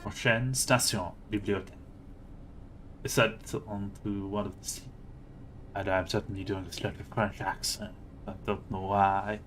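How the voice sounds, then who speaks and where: There's background noise as a man with a fairly low voice and completely flat delivery streams a story game at a moderate pace. He reads the narration aloud, then stops to react and comment in a chatty way.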